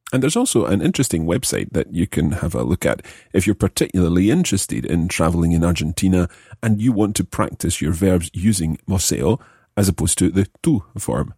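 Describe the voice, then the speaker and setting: Male podcast language teacher, low husky voice, dry close mic, patient explainer. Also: dark tone, no echo. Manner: explains slowly, repeats example phrases.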